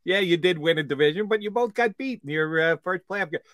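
Male sports radio co-host, bright and punchy, wry and jokey, dry close mic. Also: sits high, fairly quick, no room sound. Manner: wry, animated, jokey asides. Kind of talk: casual sports talk.

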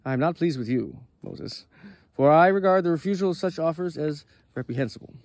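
A man voicing God as a divine male figure, reading his lines in a measured, solemn way. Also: a little high, lively intonation, a little mellow, dry recording, pitched above the performer's own voice.

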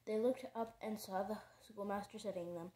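Woman reading a book aloud, mellow voice, echoey room. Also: mid-range voice, moderate pace. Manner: steady narration with stumbles. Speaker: reader. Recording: roomy echo.

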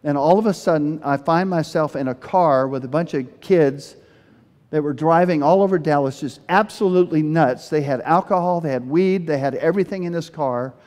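A man preaching a sermon as pastor, telling Bible stories in an animated way and acting out the speakers he quotes. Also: on the high side, moderate pace. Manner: animated storytelling, voices quoted speakers with bursts of energy. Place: church sanctuary. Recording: long hall reverb.

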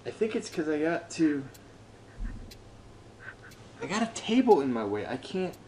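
Fed-up gamer guy, higher-pitched, mutters and rants, constant swearing, light background noise. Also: unhurried. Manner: frustrated, swearing constantly, talking to himself; lively pitch, swings between muttering and yelling. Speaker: gameplay streamer. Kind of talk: live gameplay commentary.

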